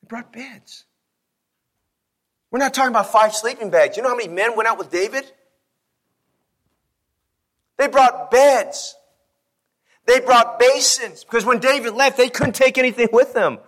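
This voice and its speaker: A man's voice: very high voice, brisk, a bit bright. A man preaching a sermon as pastor, emphatic, stretching out scripture lists and repeating words as he builds each point.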